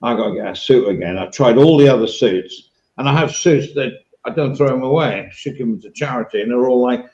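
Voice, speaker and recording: A man's voice: medium pitch, brisk, a little mellow, roomy sound, lo-fi sound. An English man hosting a casual podcast chat, rambling and swearing now and then. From England. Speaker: podcast host.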